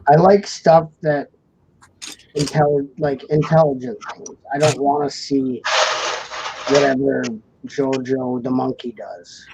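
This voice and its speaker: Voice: mid-range voice, steady tone, slow, vocal fry. A young adult live-stream host from Indiana chatting casually and reading viewer comments, rambling with many "like" fillers and laughing easily. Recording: muffled stream audio with faint noise.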